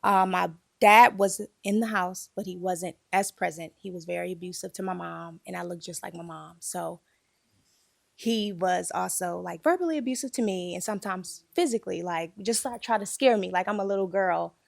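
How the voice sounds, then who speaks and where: A woman's voice: lowish voice, normal speed, vocal fry, dry recording. A woman telling a painful personal story in a candid group conversation, emotional and holding back tears.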